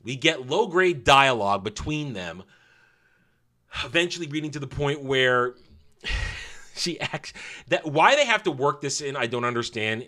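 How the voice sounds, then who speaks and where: A man's voice: mid-range voice, sharp tone. A man giving a casual, opinionated show review in a sarcastic, scornful way, with mocking asides.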